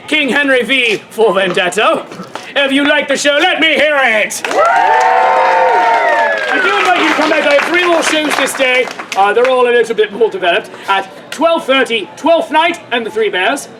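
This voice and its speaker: A man performing a comedy show at an outdoor fair stage, loud and playful, bantering with the audience. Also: very high-pitched, heavy background noise. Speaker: street performer. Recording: live outdoor audience audible. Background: crowd laughing and cheering.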